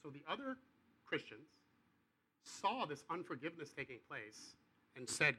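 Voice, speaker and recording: A man delivers a sermon in a relaxed, chatty way, voicing the characters in his story as he goes. His voice sits a little high for a man and has a very bright, sharp edge. He swings from quiet asides to loud outbursts. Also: normal speed, long pauses, husky, low-quality recording. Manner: casual, conversational preaching with acted-out dialogue. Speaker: pastor.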